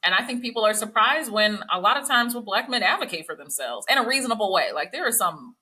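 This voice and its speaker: A woman's voice: mid-range voice, quick pace. A woman hosting a podcast as a psychologist, telling stories animatedly and acting out what others said. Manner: animated storyteller, acts out quotes. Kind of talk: podcast conversation.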